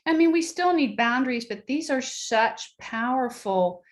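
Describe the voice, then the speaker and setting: A woman's voice: sits high, animated, a little slow. A middle-aged woman giving a conversational talk on parenting, acting out bits of dialogue as she goes. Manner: conversational, acts out quoted dialogue. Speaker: parenting speaker. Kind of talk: motivational talk to an audience.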